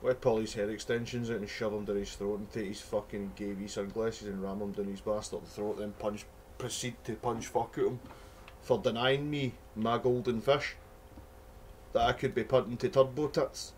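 A man's voice: lowish voice, fairly even intonation, normal speed, a little hiss or hum. A young man with a Glaswegian accent giving sweary, rambling commentary while playing a video game. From Scotland. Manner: sweary, rambling, mock-outraged. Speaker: gamer. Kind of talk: let's play commentary.

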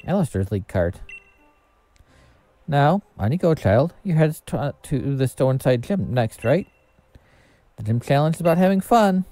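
A man's voice: a little high, very animated, normal speed, pauses often, warm tone, dry recording, voice pushed up. A man voicing a genial grown man official who speaks in a breezy, cheerful, lifted voice.

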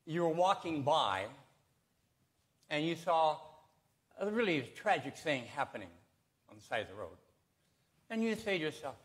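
Male pastor, folksy sermon delivery, expressive with wide pitch swings, slightly high voice. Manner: folksy, lively storytelling with pauses. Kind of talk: sermon with jokes. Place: church sanctuary.

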